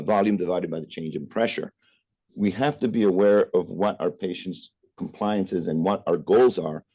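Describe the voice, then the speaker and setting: Low, dark-voiced male medical lecturer. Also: no room sound. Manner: explanatory, with frequent "uh" and "right?". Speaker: physician lecturer. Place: remote presentation over a call.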